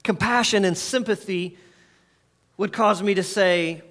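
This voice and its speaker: A man's voice: high voice, unhurried, pauses often, a bit bright. A middle-aged man preaching a sermon in a conversational way, leading his listeners to repeat phrases back to him. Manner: conversational preaching, leads the audience in call-and-response. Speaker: pastor.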